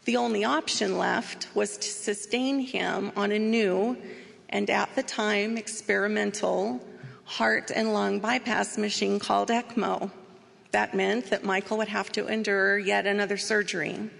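A woman giving an earnest, measured personal testimony as she tells her story. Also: medium pitch, fairly even intonation, gravelly, a bit bright, big-room sound. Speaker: speaker sharing a personal story.

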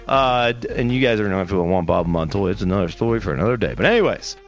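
A man hosting a motorsports radio show, telling stories in a brash, quick way. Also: lowish voice, lively intonation, lo-fi sound, faint music behind. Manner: brash storytelling, quick bursts. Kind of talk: sports radio talk.

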